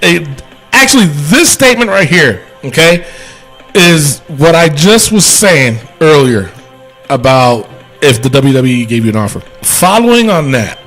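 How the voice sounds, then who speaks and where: A man co-hosting a podcast, talking about wrestling in a rambling, animated way and laughing often. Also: on the high side, measured pace, faint music behind. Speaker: podcast co-host. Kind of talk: casual wrestling chat.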